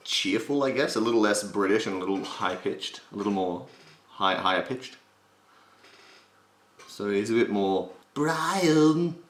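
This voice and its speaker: A man with a slight gravel in his voice, giving a casual, jokey voice impression tutorial and swearing freely. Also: fairly low pitch, a bit bright. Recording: roomy echo.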